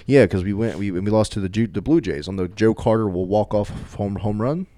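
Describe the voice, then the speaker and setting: A young man from the Philadelphia area in casual chat, with a very deep, low voice. He sounds dry and skeptical as he runs through sports history. The recording is close and dry. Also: fairly quick, dark tone, no echo.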